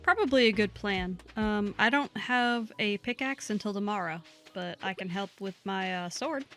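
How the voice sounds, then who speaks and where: A woman's voice: medium pitch, normal speed, a bit bright, faint music behind. A woman with a Southern US accent co-hosting a game stream, chatting casually and playfully with lots of fillers. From United States. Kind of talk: casual let's-play chat.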